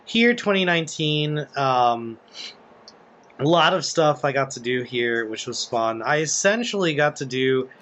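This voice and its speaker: A man's voice: mid-range voice, expressive, a little slow, a bit bright, muffled recording. Rambling man giving audio commentary. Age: adult. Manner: rambling, many fillers and restarts. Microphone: voice-over commentary mic.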